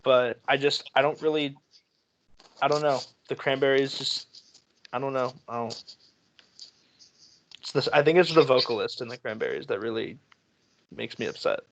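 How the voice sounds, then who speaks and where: A man's voice: medium pitch, normal speed, pauses often, a bit bright, a little hiss or hum, rough recording. A young man on a casual movie review panel who speaks hesitantly, restarting and trailing off with "I don't know.". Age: young adult.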